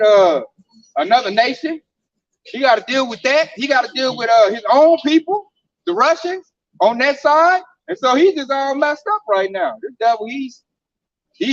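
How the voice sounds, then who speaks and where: A man's voice: extremely high pitch, lively intonation, normal speed, dry recording, recorded from a distance. A man speaking at an informal scripture discussion, telling stories in an emphatic, slangy way. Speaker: camp speaker. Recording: dull sound from off the mic.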